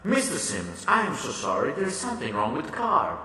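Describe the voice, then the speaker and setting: A man doing a smooth, scheming chauffeur. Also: fairly high pitch, wildly swooping pitch, quick pace, bright, forceful tone, pitched above the performer's own voice, exaggerated voice. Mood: businesslike. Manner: apologetic, businesslike. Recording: echoey hall, far from the mic.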